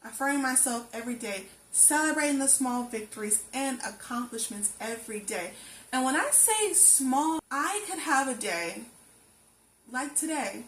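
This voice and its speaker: A woman's voice: high voice, lively intonation, moderate pace, a bit bright. A young adult woman vlogging, talking earnestly and affirming herself, repeating phrases for emphasis. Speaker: lifestyle vlogger. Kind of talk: personal reflective monologue. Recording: echoey room with faint ambient noise.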